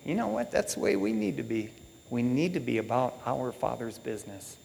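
A man preaching a sermon in a casual, animated way with lots of slang. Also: mid-range voice, normal speed, creaky, long reverb tail, a little hiss or hum.

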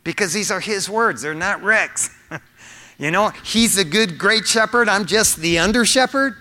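A middle-aged man preaches with a bright, forceful voice pitched a little high. He talks to the congregation earnestly and conversationally, dropping in personal asides. His words ring out with a long reverb, as in a church sanctuary. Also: measured pace. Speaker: pastor. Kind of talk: sermon.

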